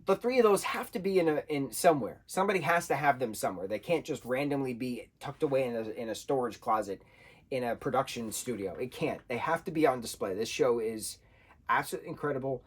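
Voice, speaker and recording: Excitable man reviewing a show. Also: mid-range voice, quick pace, husky. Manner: excitable, animated, repeats slang like "bro" and "wild". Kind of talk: casual review monologue.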